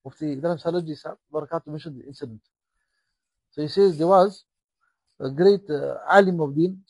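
A man preaching a sermon with a husky voice, impassioned, rising and falling in volume and acting out the dialogue he tells. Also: fairly high pitch, fairly quick, darkish tone, no echo, low-quality recording.

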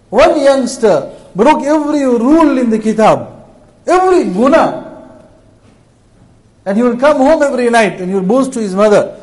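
A man preaching a sermon to his congregation, telling a moral story with impassioned, emotional appeals, swinging between loud passages and hushed ones. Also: high-pitched, lively intonation, moderate pace, poor audio.

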